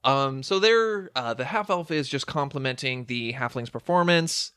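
A man narrating as dungeon master in a relaxed way, with many ums. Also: mid-range voice, moderate pace, smooth, no room sound, studio quality. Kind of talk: narrating a tabletop game.

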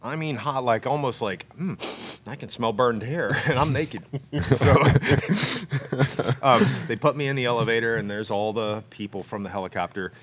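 A man on a podcast, telling a personal story in a casual, animated way, acting out the dialogue and laughing as he goes. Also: medium pitch, normal speed, slightly rough.

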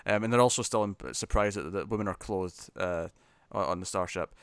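A man's voice: sits low, fairly quick, clean tone, dry recording. Chatty guy recapping an episode. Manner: animated, laughing, acting out characters' lines. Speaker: podcast co-host. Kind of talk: casual chat recapping a TV episode.

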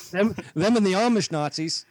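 A man's voice: high-pitched, a little mellow, no echo. A man co-hosting a podcast, telling a story in casual chat and acting out both sides of an argument. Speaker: podcast co-host.

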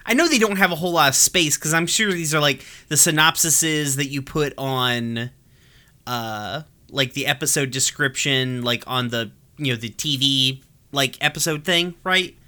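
A podcast host talking through an episode in loose, casual chat, full of "like" and "um" and quick to laugh. The voice is bright and crisp, with easy swearing and animated outbursts. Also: medium pitch. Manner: chatty with many fillers and restarts.

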